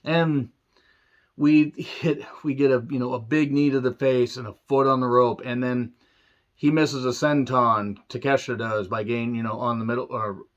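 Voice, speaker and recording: A man's voice: medium pitch, steady tone, moderate pace, highs cut off. Tired man rambling through a review. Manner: rambling, frequent throat-clearing and fillers, wry asides. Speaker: wrestling show reviewer. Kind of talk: casual solo review recap.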